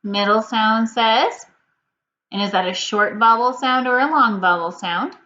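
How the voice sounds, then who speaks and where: Woman, teacher, reading lesson for small children, patient, slow clear prompts, medium pitch, slightly muffled recording with faint hiss. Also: pushed and bright.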